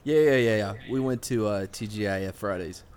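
A man's voice: fairly low pitch, a little fast, darkish tone, clear, resonant tone. A man in a comedy podcast, rambling through an absurd story in a casual, loose way. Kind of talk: improvised comedy chat.

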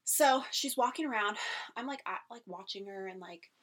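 A woman with a mid-range, fairly bright voice co-hosts a casual podcast, speaking at normal speed. She tells a story animatedly, packing it with "like" fillers and acting out quotes.

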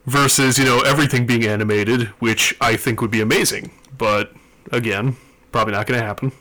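A man speaks at an ordinary, middle pitch as he thinks aloud in a relaxed podcast conversation. His delivery is earnest and a little wandering. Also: a little fast. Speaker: podcast co-host. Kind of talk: casual chat.

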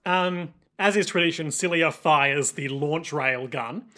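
Man, fairly high and bright-toned, casual podcast co-host, giggly, loose "like"-filled recap chatter. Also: a little slow. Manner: laughs often, heavy use of "like". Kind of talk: casual chat recapping an anime episode.

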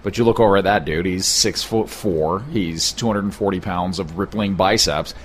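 A man's voice: deep voice, moderate pace, slight background noise. A man co-hosting a casual chat in a hostel room, telling a long rambling story with many fillers. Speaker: podcast co-host.

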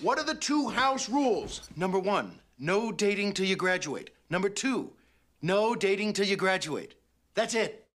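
A stern overprotective dad. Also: male voice, sits high, big pitch swings, measured pace, fairly bright tone, full character voice. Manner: stern, lecturing, dryly sarcastic. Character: strict overprotective father, middle-aged man. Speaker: film character.

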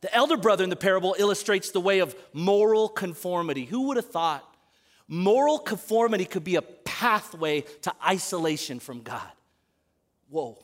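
A man preaching a sermon to a congregation, animated, moving between loud emphatic calls and quiet asides. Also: high voice, moderate pace. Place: church service in front of a congregation.

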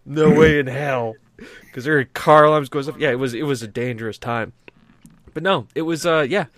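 A man hosting a podcast, chatting casually in an animated, sweary way with frequent restarts. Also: medium pitch, brisk. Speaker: podcast host.

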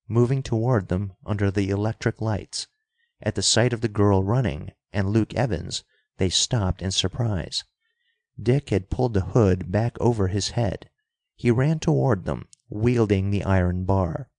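Male audiobook narrator for an adventure story, low voice, measured and dramatic, very dry sound. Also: darkish tone, dry recording.

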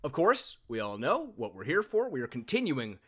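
A man's voice: medium pitch, huge pitch swings, normal speed, fairly bright tone, husky. A man hosting a podcast in casual chat, talkative and self-deprecating, with plenty of filler words. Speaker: podcast host.

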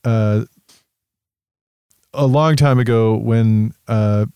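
A man's voice: lowish voice, steady tone, extremely slow, mellow, clear, resonant tone, no echo. Male podcast co-host, meandering storyteller with plenty of fillers, clean voice, dry close mic. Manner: rambling storyteller, lots of fillers and restarts, swears. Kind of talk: casual podcast chat.

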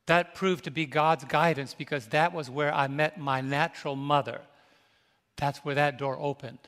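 An older male pastor from New York shares a tender family memory from the pulpit, his voice sitting a little high for a man. He reaches out to the congregation as he speaks, and his sermon rings through a large hall with a long, lingering reverb. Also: fairly bright tone. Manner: personal, emotional, calls out to the congregation. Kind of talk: storytelling sermon.

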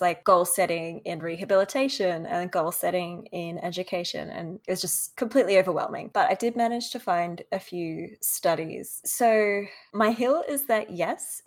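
Woman, podcast co-host, lowish voice, excitable and sweary, chatty. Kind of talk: casual chat.

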